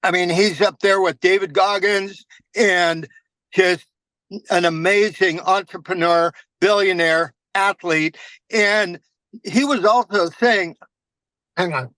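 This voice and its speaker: A man's voice: high voice, steady tone, slow pace, sharp tone, no room sound, poor audio. A man telling a motivational story in a casual, earnest way during a team meeting. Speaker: meeting participant.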